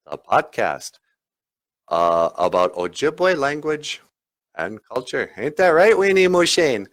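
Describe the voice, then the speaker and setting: A man's voice: mid-range voice, very animated, a little slow, a bit bright. A man hosting a podcast with casual, jokey, rambling banter and plenty of hesitations. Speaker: podcast host.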